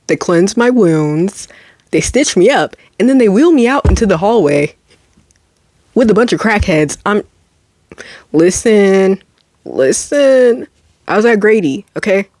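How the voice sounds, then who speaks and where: A young adult woman vlogging, telling a personal story in a dramatic, animated way with quick asides and laughs. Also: mid-range voice, dry recording, clean studio sound. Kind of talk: casual storytelling to camera.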